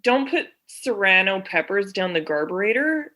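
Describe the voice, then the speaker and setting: Woman, podcast cohost, bright punchy voice, chatty storyteller doing both sides of a call. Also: mid-range voice, big pitch swings, moderate pace. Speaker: podcast co-host. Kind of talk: casual chat, retelling a story.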